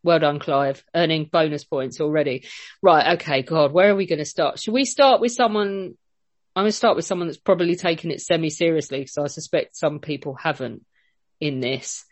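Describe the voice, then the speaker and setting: A woman's voice: low-pitched, brisk, no echo. Woman host, chatty and teasing, dry close audio. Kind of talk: casual online panel chat.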